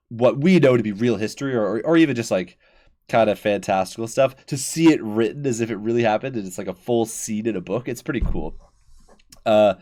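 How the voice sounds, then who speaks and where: A young man with a fairly low voice, chatting casually about history as a podcast host. He rambles excitedly, restarts his sentences and fills pauses with "like" and "uh.". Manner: excited, rambling storytelling with frequent fillers and restarts.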